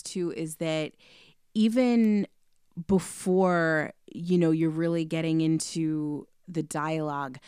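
Low-voiced woman in casual talk. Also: clean tone, no room sound, clean studio sound. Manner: relaxed and agreeable, with frequent fillers. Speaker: podcast co-host. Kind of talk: casual film discussion.

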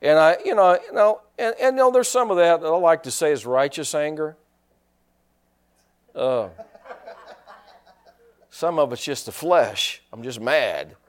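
A man's voice: a little high, expressive, unhurried, long pauses. A man preaching a sermon in a folksy, joking way, restarting his sentences often. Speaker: pastor.

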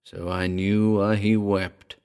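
Slow, gravelly male storyteller. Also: lowish voice, flat delivery, a little mellow. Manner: measured, dramatic storytelling. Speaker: narrator. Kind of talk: scripted audiobook narration.

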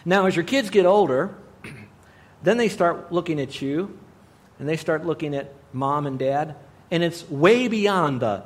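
Man, Bible teacher, earnest, conversational, softens often, fairly high voice. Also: lively intonation, a little slow. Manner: earnest, conversational, with frequent soft drops in volume.

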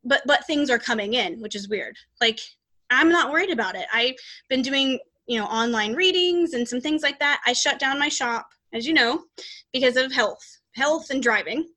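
On her podcast, a psychic reader talks casually about her life and her readings, wandering and restarting many times. Her voice sits high and sounds expressive and sharp, moving at a moderate pace.

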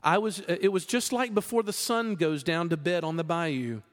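A pastor quoting a gentle, simple-hearted Southern man in a soft, wistful telling. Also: high-pitched, normal speed, natural voice. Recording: long reverb of a large hall.

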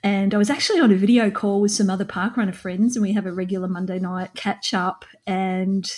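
A woman's voice: medium pitch, fairly even intonation, fairly quick, a little mellow. A woman from Australia co-hosting a casual podcast chat, bubbly and laughing often. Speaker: guest co-host.

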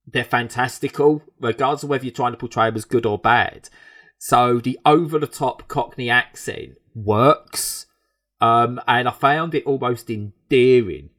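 A man from England reviewing a TV show in casual, animated chat, rambling with frequent restarts. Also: mid-range voice, unhurried.

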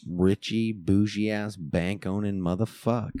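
A man's voice: fairly low pitch, fairly even intonation, mellow, no echo. A man co-hosting a podcast in casual chat, swearing freely, joking, agreeing often and laughing. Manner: profane, quick to agree and joke, laughs often. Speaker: podcast co-host.

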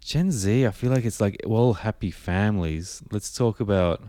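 Low-voiced man, blunt and wry. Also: normal speed, warm tone, no room sound. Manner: wry, blunt, swears a lot. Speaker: podcast co-host. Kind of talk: casual chat.

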